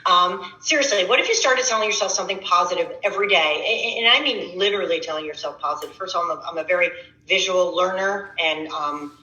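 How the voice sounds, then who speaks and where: A woman's voice: lowish voice, fast, pushed and bright, reverberant, dull audio. A middle-aged woman fitness coach giving a casual motivational workshop talk, conversational and repetitive, often restarting her words.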